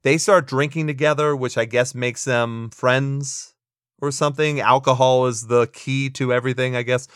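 A man's voice: medium pitch, steady tone, moderate pace, fairly bright tone, clean tone, dry recording. Guy on a podcast rambling thru a movie recap, keeps repeating himself, dry mic. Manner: rambling, repeats words, chuckles while recapping. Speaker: podcast co-host reviewing a film. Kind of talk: casual chat.

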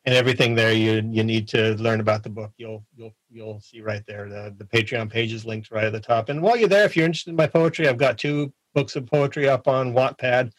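A man's voice: mid-range voice, dry recording, low-quality recording. Guy guesting on a podcast, easygoing, keeps restarting sentences, dry close sound. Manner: friendly, halting with many restarts. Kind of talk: casual interview chat.

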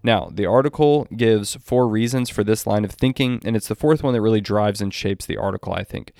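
Measured low-voiced man reviewing an article. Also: vocal fry, a little mellow, dry recording, studio quality. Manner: deliberate, quotes text at length with restarts. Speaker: Christian commentator. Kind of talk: spoken commentary on an article.

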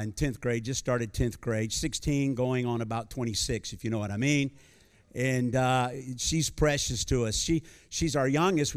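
An American man in his sixties, speaking at medium pitch, preaches live as a visiting pastor before a church congregation. His delivery is folksy and joking, with many fillers and restarts.

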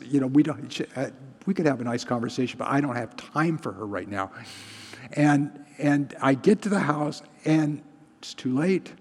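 A male pastor preaching in a relaxed, conversational way and often putting questions to his listeners. His voice is a little husky, with a long reverb trailing after his words as in a large hall. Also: medium pitch, moderate pace. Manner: conversational, asks the congregation questions. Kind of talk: sermon.

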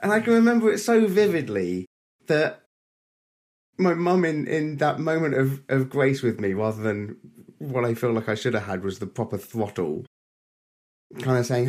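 A man co-hosting a podcast, telling a childhood story in an animated way with sound effects. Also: mid-range voice, moderate pace. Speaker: podcast co-host.

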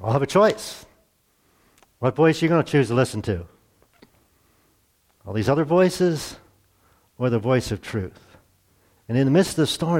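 A man's voice: medium pitch, darkish tone. A man preaching a conversational sermon as a pastor, speaking plainly and often restarting and repeating his words.

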